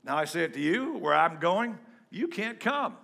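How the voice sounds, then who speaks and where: A middle-aged pastor preaching a lively sermon to his congregation, breaking into hymns and joking with the crowd. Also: on the high side, normal speed, creaky. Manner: animated preaching, sings hymns and jokes with the congregation. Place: church before a congregation.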